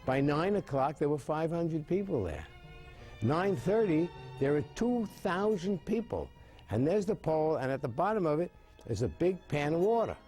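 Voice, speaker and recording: A man in his seventies explaining mime and telling jokes with lively storytelling, his voice rising high as the stories build. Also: normal speed, faint music behind. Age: 70s. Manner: animated storytelling with big pitch jumps.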